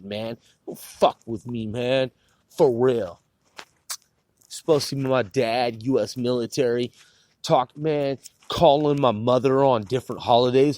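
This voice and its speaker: A man's voice: medium pitch, a little slow, darkish tone, no room sound. A man from the Puget Sound area ranting in a heated, profane, repetitive way into a phone. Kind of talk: angry rant to camera.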